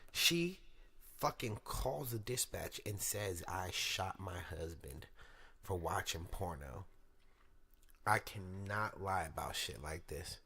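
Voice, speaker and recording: Profane, hyped young podcast host. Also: male voice, deep voice, expressive, takes it slowly, creaky, sharp tone, breathy edge. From Sacramento, California. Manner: profane, slangy, hyped-up talk to listeners. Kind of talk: casual monologue podcast.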